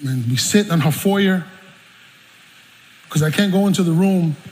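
A man, a pastor preaching a personal story in an animated, emotional way. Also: high-pitched, measured pace. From South Bronx, New York. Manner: animated, emotional storytelling with bursts of laughter and shouting. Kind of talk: storytelling sermon. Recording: long reverb with faint room noise.

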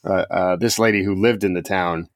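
A man's voice: low voice, steady tone, normal speed, gravelly, no room sound, studio quality. A man co-hosting a podcast, talking in rambling casual chat, laughing often and restarting his sentences. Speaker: podcast co-host.

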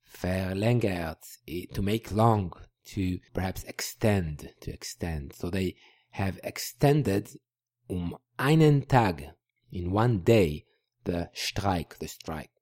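A man hosting a podcast language lesson, explaining word by word and repeating each word slowly. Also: deep voice, expressive, a little mellow, no echo, clean studio sound. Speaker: language teacher.

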